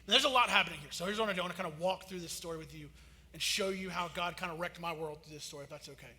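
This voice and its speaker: A man, preaching a sermon in a casual, joking style that rises to loud emphasis. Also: fairly high pitch, very fast. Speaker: pastor. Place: church sanctuary. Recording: long hall reverb.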